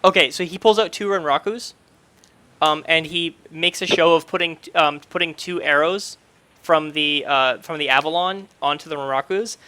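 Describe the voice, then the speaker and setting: A man's voice: a little high, moderate pace, bright, forceful tone, clear, resonant tone. A man narrating as game master of a tabletop game, loose and hesitant, with many fillers and restarts.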